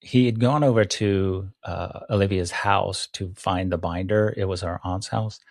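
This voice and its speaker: A man with a very low voice co-hosting a casual movie podcast. He retells scenes at an unhurried pace, pausing and restarting as he goes. The sound is dry and close to the mic. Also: steady tone, no room sound. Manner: hesitant, many ums and restarts, slows when retelling scenes. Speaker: podcast co-host. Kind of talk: casual movie review chat.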